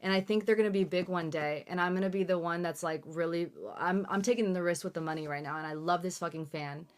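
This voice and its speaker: A woman's voice: lowish voice, fast, smooth. A young woman hosting a live unboxing stream, chatting casually, gushing and swearing freely. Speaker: livestream host.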